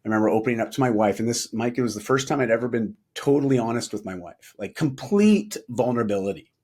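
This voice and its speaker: A middle-aged man telling a personal story as a podcast guest, animated, laughing often and acting out quoted dialogue. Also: medium pitch, fast, husky. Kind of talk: storytelling in a casual interview.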